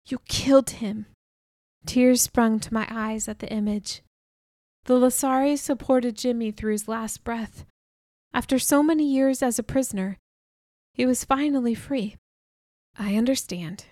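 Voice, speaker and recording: A woman reads a novel aloud in the first person, telling it with earnest feeling. Her voice sits somewhat high. The sound is dry and close, with no room around it. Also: steady tone, measured pace, dark tone, dry recording. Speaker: audiobook narrator.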